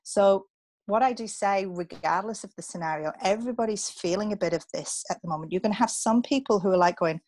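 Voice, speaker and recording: Woman guest, relocation coach; lower voice, lively, dry close mic. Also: quick pace, dry recording. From England. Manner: upbeat, animated, coaching asides. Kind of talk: casual interview chat.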